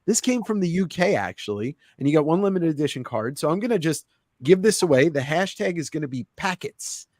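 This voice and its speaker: A man hosting a casual livestream, with a slightly higher voice than most men. He talks in a rambling, self-mocking, joking way, and the sound is dry with no room echo. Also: lively intonation, a little fast, a little mellow. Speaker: livestream host. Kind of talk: casual chat.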